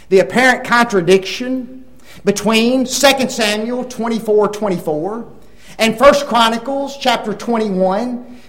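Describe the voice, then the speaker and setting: An older male preacher teaching a Bible lesson in a high, very lively voice. He tells stories and acts out the people in them, then turns to the congregation with questions. The delivery moves between quiet explanation and loud, animated bursts. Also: echoey room, low-quality recording. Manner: animated storytelling, acts out dialogue, asks the audience questions. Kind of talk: sermon.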